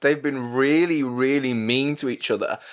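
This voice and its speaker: A man's voice: medium pitch, normal speed. A man with an ordinary mid-range voice co-hosts a podcast. He chats casually and breaks into giggles easily. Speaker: podcast co-host. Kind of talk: casual chat.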